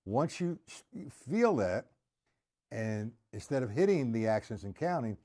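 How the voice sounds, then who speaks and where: A man teaching a live-streamed drum lesson, patiently explaining and counting rhythms out loud, with faint drumming behind him. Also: medium pitch, very animated, a little slow.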